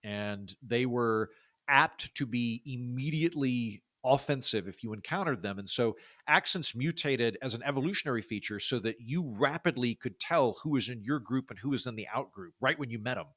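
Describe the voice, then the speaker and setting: A man with a baritone voice talks through his ideas as a podcast guest, circling back with fillers and quick restarts. He is from Oklahoma. His voice sits at an everyday middle pitch, recorded close and dry with no room sound. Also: fairly bright tone, no echo. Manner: chatty, many fillers and restarts. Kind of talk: casual interview talk.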